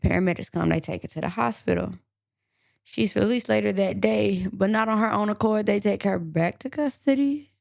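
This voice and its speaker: A woman podcast host recounting a true crime case in an animated, storytelling way. Her voice has a gravelly texture and a middle pitch. The sound is close and dry. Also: moderate pace, dry recording. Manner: animated, acts out quotes.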